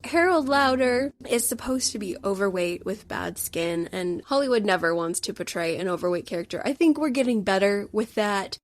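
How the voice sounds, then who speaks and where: A woman's voice: mid-range voice, no room sound. A woman hosting a podcast alone, chatting with her listeners in an enthusiastic, opinionated way. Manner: chatty, addresses listeners as guys. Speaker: podcast host. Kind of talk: casual solo podcast review.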